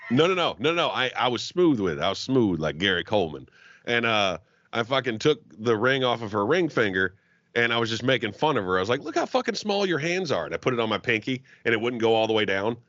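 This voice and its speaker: Speaking quickly in a fairly low voice, a man of Arab heritage appearing as a podcast guest tells a long, profane story and acts out each quote with animation. The casual chat is captured in dull, dry lo-fi audio with no echo.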